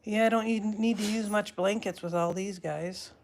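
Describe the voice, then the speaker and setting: Gravelly-voiced woman chatting on a home stream. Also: medium pitch, fairly even intonation, moderate pace, background noise. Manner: rambling, breaks off mid-word and restarts, talks to her pets. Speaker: live-stream host chatting with viewers. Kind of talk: casual live-stream chat.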